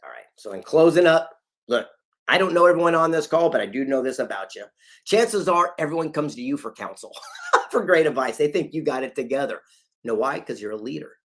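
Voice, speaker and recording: A man's voice: a little high, lively intonation, a little fast, a bit bright. A man giving a motivational talk over a call, telling anecdotes and acting out the people in them with emphatic delivery. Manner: storytelling, acts out quoted voices, emphatic. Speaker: motivational speaker.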